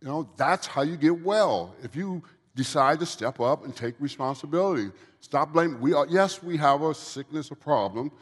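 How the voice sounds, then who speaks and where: A man's voice: a little high, animated, normal speed, few pauses. A man in recovery giving earnest, preachy testimony in a church Q&A, often repeating phrases. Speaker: guest speaker in recovery. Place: church event hall. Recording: long reverb of a large hall.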